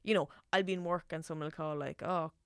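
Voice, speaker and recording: A woman's voice: deep voice, steady tone, quick pace, fairly bright tone, smooth, dry recording, studio quality. A young woman from Ireland with an Irish accent, telling stories chattily as a guest in a casual talk, laughing easily. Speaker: podcast guest. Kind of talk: casual chat.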